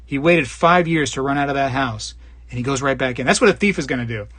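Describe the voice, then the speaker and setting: Reading out chat on his live stream, this Floridian talks fast in a slightly bright voice with no echo. He rambles and cracks jokes, slipping into squeaky voices for comic bits.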